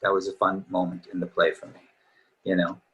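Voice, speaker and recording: Low-voiced middle-aged man, easygoing and tired. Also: completely flat delivery, brisk, fairly bright tone, low-quality recording. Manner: easygoing, reminiscing, rambling. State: slightly tired voice. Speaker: actor guest. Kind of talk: casual interview chat.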